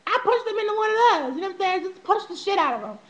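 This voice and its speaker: A woman's voice: very high voice, fast talker, rough recording. A young woman telling her life story on a vlog, swearing freely, laughing often and acting out what people said. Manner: animated, profane, laughs often, acts out quotes.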